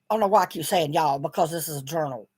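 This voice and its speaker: A woman's voice: deep voice, lively intonation, a little fast, darkish tone, husky. A middle-aged woman speaking bluntly in a video journal, swearing often as she vents her frustration. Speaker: vlogger.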